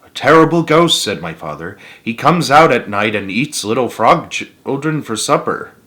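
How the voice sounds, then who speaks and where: A man's voice: mid-range voice, animated, moderate pace, bright, forceful tone. A man voicing a patient, encouraging male frog who coaxes his friend and tells spooky stories. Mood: storytelling.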